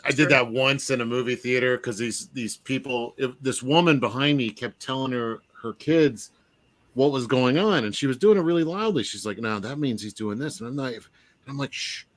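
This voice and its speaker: A man's voice: mid-range voice, normal speed, no echo. A man co-hosting a casual podcast chat, laughing often and telling anecdotes. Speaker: podcast co-host.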